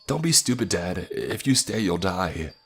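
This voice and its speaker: A man's voice: sits low, normal speed, fairly bright tone, faint music behind. A man voicing a tough, focused young woman who survives a monster outbreak and speaks bluntly and curtly. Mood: urgent.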